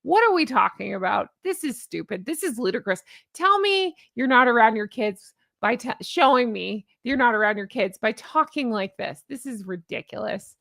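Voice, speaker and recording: A woman in her forties with a fairly high voice talks through a casual commentary vlog. She is sarcastic and exasperated and laughs often. The sound is dry and close, with no room echo. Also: animated, normal speed, vocal fry, hardly any pauses, a bit bright. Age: 40s. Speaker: commentary vlogger.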